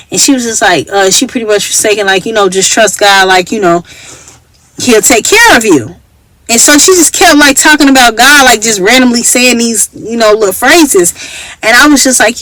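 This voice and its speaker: Woman with a Chicago accent, chatty storyteller, mid pitch, dry close recording. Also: a bit bright, no room sound, poor audio. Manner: chatty, acts out quoted voices. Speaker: vlogger. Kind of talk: casual storytelling.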